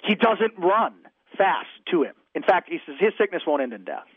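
A man's voice: high voice, big pitch swings, normal speed, slightly rough, no room sound, phone-quality sound. A man who is a pastor, speaking earnestly on a radio talk show, repeating phrases for emphasis and restarting often.

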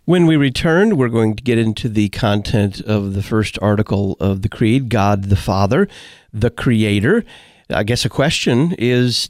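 A man hosting a radio talk show, asking measured, framing questions and leading into the next segment. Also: mid-range voice, darkish tone, dry recording.

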